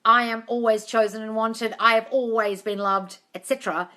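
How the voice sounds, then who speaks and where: A woman answers viewers' questions on a live stream, talking to a tablet in her hands. She is effusive, calls everyone darling and swears without a second thought. Her voice is bright and forceful and sits a little high. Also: fairly even intonation, moderate pace. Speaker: manifestation coach. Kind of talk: live-stream Q&A, reading comments aloud. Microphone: tablet mic.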